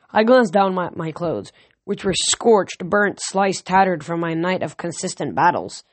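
A woman's voice: lowish voice, normal speed, dry recording. A woman reading a novel aloud in a plain way, now and then restarting a phrase. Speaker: audiobook reader.

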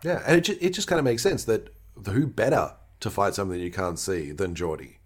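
A man in casual conversation, walking through a TV episode and lightly voicing the characters' lines. His voice sits a bit low, and his delivery stays relaxed. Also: fairly quick, husky. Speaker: podcast co-host. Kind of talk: casual chat recapping a TV episode.

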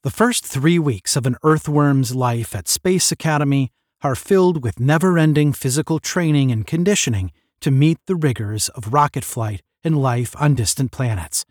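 A man narrating a science-fiction novel in a measured storytelling manner. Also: mid-range voice, animated, dry recording, clean studio sound. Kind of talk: audiobook narration.

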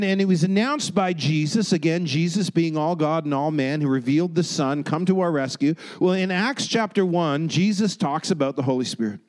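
A male pastor preaches a lively sermon with a somewhat high voice. He speaks emphatically and keeps drawing the congregation in with quick "right?" and "amen?" asides. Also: low-quality recording.

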